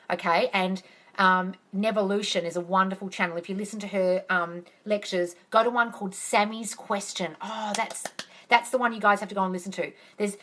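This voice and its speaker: A woman coaching on manifesting, telling stories in a chatty, animated way on a phone livestream. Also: medium pitch. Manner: chatty, animated storyteller who acts out quotes. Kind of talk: casual livestream storytelling.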